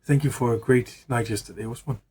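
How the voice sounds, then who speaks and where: A man voicing an easygoing young man who answers softly and kindly in an improvised story. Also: medium pitch, steady tone, fast, breathy edge. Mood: gentle.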